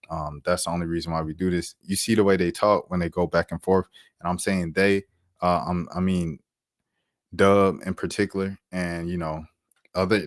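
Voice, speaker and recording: Man, deep low voice, commentary host, animated repetitive talk, dry close sound. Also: no echo. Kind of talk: casual commentary monologue.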